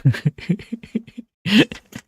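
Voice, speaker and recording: A man's voice: extremely slow, no echo, clean studio sound. A man streaming a video game, chatting casually with his viewers, laughing often and tripping over his words. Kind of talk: casual live-stream chat.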